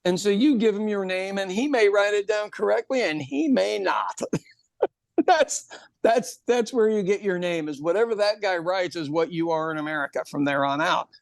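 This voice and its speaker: A man's voice: high-pitched, brisk, dry recording. Chatty man with a dry close sound. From Ireland. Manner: laughs often, repeats words when starting. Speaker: podcast co-host. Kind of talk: casual chat.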